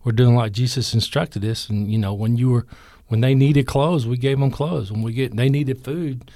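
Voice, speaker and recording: Earnest pastor, dry studio sound. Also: male voice, mid-range voice, mellow, no room sound. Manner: plain, earnest, halting. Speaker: pastor and food bank leader. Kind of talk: casual radio interview. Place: church studio.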